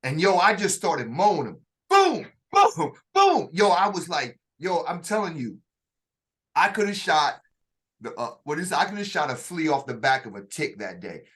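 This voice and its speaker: Animated man telling a story, bright voice. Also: on the high side, moderate pace. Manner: animated, vocal sound effects, acts out quotes; uses slang and restarts. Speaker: storyteller in a two-man dialogue. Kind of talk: casual conversational storytelling.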